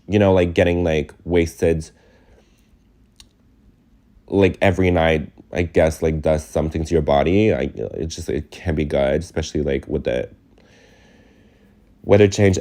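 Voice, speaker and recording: A man's voice: deep voice, darkish tone. A young man telling a rambling, emotional storytime in a casual vlog, full of filler words. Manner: emotional, confiding. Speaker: vlogger.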